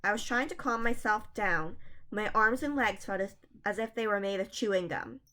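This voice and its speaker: A woman reads a spooky children's book aloud, chapter by chapter. Her delivery is dramatic and suspenseful, and her voice sits at a middle pitch. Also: normal speed, bright, forceful tone. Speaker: reader.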